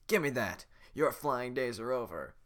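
A man's voice: mid-range voice, expressive, moderate pace, fairly bright tone, pitched above the performer's own voice, lightly acted. A man voicing a callous male head guard who barks curt orders. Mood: bossy.

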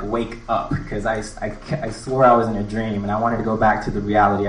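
Earnest man telling a story in a roomy hall. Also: lowish voice. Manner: earnest, halting, with frequent restarts. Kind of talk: live personal storytelling. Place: live event space with an audience. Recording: roomy, distant mic with faint ambience.

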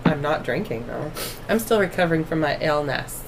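Middle-aged woman, family podcast host, chatty, laughing, slightly low voice, background hiss. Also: animated, normal speed, gravelly. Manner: chatty, rambling and laughing often. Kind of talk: casual family podcast chat.

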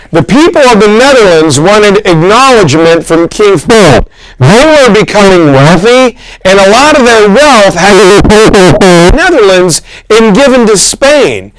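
A male teacher with a high-pitched voice gives a casual history lecture in a classroom and keeps it loose with jokes and teasing. The sound is dry and close, with hardly any room in it. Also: a bit bright, smooth, no room sound, poor audio. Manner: joking, teasing students.

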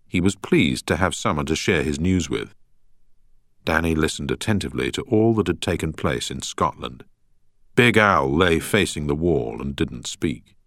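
A man reads an audiobook in a measured, expressive style. His voice is very deep yet moves through a lively range of pitch. The recording is dry and close. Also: no room sound. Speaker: audiobook narrator. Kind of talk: scripted narration.

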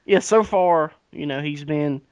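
Speaking a little slowly in a fairly high, clean voice, a man co-hosting a podcast recounts history in a casual way, swearing and acting out the dialogue. There's no echo, but the recording sounds dull and lo-fi.

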